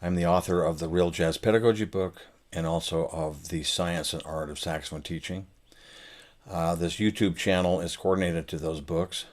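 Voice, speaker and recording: An older man explaining musical phrasing in a relaxed spoken lesson, pausing with fillers as he thinks aloud. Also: low voice. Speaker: saxophone teacher and author. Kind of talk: casual spoken lesson to camera.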